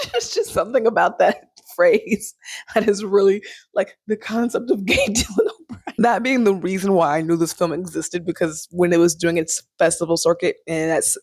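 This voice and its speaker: Young woman rambling about a movie, lowish voice, dry close sound, laughs a lot. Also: normal speed, dry recording. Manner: chatty, animated, laughs often, sings snippets. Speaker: vlogger. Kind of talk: casual chat, movie review.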